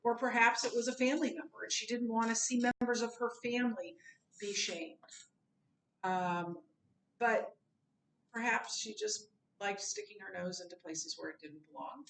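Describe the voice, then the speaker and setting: A woman's voice: mid-range voice, normal speed, vocal fry, a bit bright, slight background noise. Woman teaching Bible class, roomy distant sound. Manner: conversational and informal, with personal asides. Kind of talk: recorded Bible lesson.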